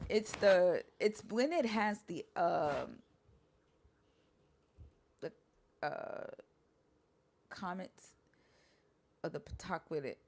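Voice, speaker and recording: A woman's voice: fairly low pitch, lively intonation, drawn-out words, long pauses, a little mellow. A young woman hosting a casual chat, hesitant and trailing off as she sounds out words, swearing now and then. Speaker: podcast host. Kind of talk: casual chat about Hebrew translation.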